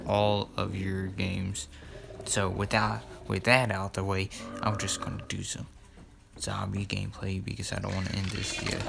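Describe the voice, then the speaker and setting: Male gaming YouTuber, low gravelly voice, rambling casual commentary with loud gunfire behind. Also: very noisy. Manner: rambling, repeats words, many fillers. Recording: loud gameplay gunfire underneath. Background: loud game gunfire.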